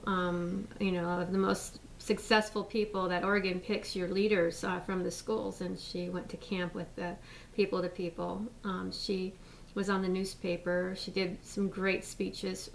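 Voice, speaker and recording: A woman's voice: fairly low pitch, distant mic, slight background noise, poor audio. An American woman, a mother, speaking out in a rambling casual statement full of fillers and restarts. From United States.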